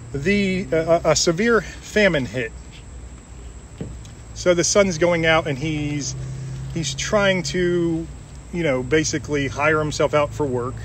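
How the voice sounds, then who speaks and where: A man's voice: fairly high pitch, unhurried, pauses often, slight background noise. A man giving an informal Bible talk, retelling a parable in a conversational way with restarts and fillers. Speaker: Bible teacher.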